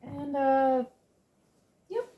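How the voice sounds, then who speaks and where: A woman's voice: sits high, animated, drawn-out words, lo-fi sound, slight background noise. A woman vlogging casually from her camper, talking to herself in a candid, chatty way about cleaning and a road trip. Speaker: van-life vlogger. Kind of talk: casual vlog chat.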